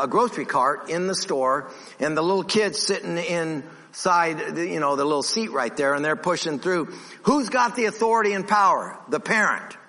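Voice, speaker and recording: A man preaching a sermon who acts out the voices in his stories and drops low and slow for emphasis. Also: bright, forceful tone. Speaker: pastor. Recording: long reverb of a church hall.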